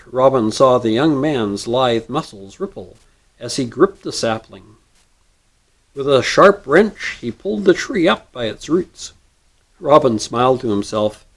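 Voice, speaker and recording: A man reading a storybook chapter aloud with expressive narration. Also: mid-range voice.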